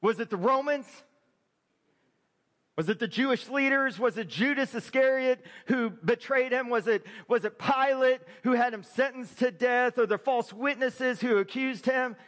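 A man preaching a sermon as a pastor, conversational with quick asides to the congregation. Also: extremely high pitch, fairly bright tone, big-room sound.

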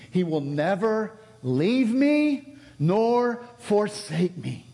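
A pastor preaching a sermon, telling a story with lively swings between loud and hushed delivery. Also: male voice, fairly high pitch. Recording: long reverb of a large hall.

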